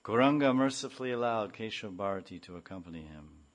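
A man's voice: on the low side, expressive. A man giving a devotional scripture lecture, chanting mantras and singing verses before explaining them. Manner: sings verses, then explains them slowly. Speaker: spiritual teacher.

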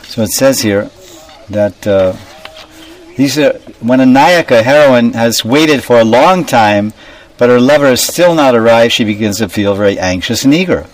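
A man's voice: medium pitch, expressive, normal speed. A man giving a devotional class, explaining terms and asking his listeners questions. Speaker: spiritual teacher. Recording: distant mic, faint background noise.

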